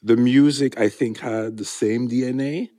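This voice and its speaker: A man's voice: medium pitch, steady tone, unhurried, mellow, no echo. A man in his forties, a musician from Montreal, recounting his musical beginnings in an interview. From Montreal, Canada. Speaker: musician guest. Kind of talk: casual interview answers.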